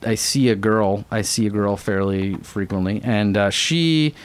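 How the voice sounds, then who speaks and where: A young man hosting a college radio show, bantering in a rambling, joking, deadpan way. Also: on the low side, a little slow, clean tone. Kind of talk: casual on-air banter.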